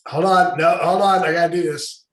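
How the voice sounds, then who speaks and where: High-voiced joking man in an echoey room. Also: fairly even intonation, fairly quick, fairly bright tone. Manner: rambling, jokey, breaks into silly voices. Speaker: podcast co-host. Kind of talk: casual comedic chat. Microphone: video call.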